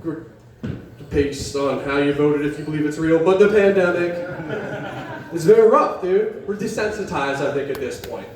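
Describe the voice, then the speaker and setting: Young man, stand-up comic, slightly high voice, rambling, profane, self-deprecating, very echoey room, recorded from far off. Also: darkish tone, slight background noise. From West Virginia, US. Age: young adult. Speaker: stand-up comedian. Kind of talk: open-mic stand-up set. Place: coffee shop open mic. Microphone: camera set up in the room. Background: audience laughing.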